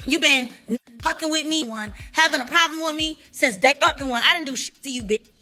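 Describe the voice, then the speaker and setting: A woman's voice: high-pitched, a little fast, bright, forceful tone. A woman in a heated, profane rant, cursing and lecturing in a casual way.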